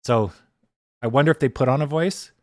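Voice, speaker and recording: A man hosting a casual livestream, talking in a relaxed, loose way and swearing freely into a desk microphone. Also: mid-range voice, a little fast, no echo, studio quality. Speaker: livestream host.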